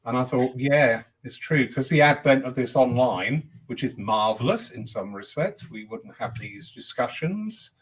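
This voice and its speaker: A man's voice: mid-range voice, lively intonation, a little slow, hardly any pauses, breathy edge, poor audio. Chatty man hosting a discussion. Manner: chatty, acts out quoted voices. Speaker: host. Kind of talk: casual panel discussion.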